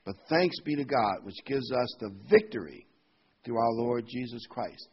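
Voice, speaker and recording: An older man preaching a sermon, reading scripture aloud and commenting between verses, rising in pitch and volume when he reads the verses. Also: lively intonation, a little slow, breathy edge. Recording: dull lo-fi sound with faint noise.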